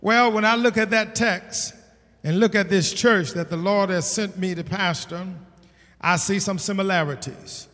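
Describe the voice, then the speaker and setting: A male pastor preaching in a high, bright voice that rings with the long reverb of a church hall. He takes his time, repeating key lines for weight and building up to shouted peaks. The delivery is emphatic and sermon-paced. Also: a little slow. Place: church sanctuary.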